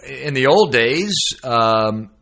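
Lively, bright-voiced male host. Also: mid-range voice, slow pace, gravelly. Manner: animated storyteller, acts out quoted voices. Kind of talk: casual conversation between musicians.

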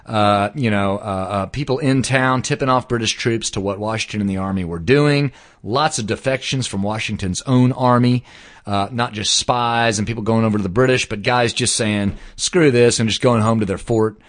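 A man telling a story in casual chat, animated and slangy, swearing now and then. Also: lowish voice, normal speed.

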